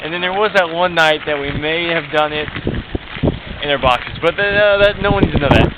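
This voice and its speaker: A young man outdoors at a golf course, rambling through old memories in a birthday shout-out. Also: a little high, a little fast. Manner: rambling, reminiscing with fillers. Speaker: friend sending birthday wishes. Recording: dull audio, loud wind noise outdoors.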